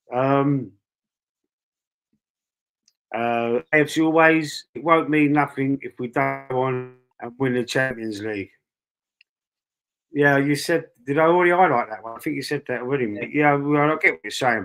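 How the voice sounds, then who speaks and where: A man with a Cockney accent hosts a casual live stream, talking straight and unfiltered. He swears freely and circles back over the same point, his voice sitting in an ordinary middle pitch. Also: sharp tone. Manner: blunt, swears, repeats himself. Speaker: football fan channel host.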